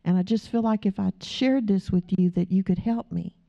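A woman preacher quoting a troubled young woman in a soft, halting voice, on a dull lo-fi recording. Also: mid-range voice, creaky, lightly acted. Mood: hesitant.

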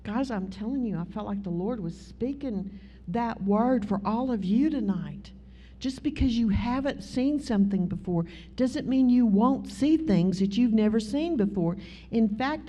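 A woman's voice: fairly high pitch, warm tone. A middle-aged woman teaching a Bible study, telling chatty personal stories and acting out both sides of conversations. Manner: chatty storyteller who acts out both sides of dialogues. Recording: dull lo-fi recording.

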